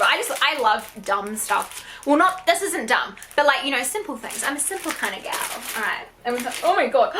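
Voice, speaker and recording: A woman's voice: on the high side, moderate pace, a little hiss or hum, poor audio. Gushing New Zealand woman unboxing gifts. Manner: gushing, excitable, gasps and squeals often. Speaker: YouTuber. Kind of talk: unboxing vlog.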